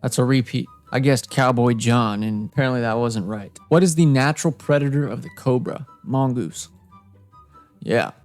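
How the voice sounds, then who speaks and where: A man's voice: medium pitch, moderate pace, darkish tone, faint music behind. A young man playing a trivia game, reading each question aloud and reacting with exasperated, self-mocking outbursts. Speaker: gaming YouTuber. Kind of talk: casual gameplay commentary.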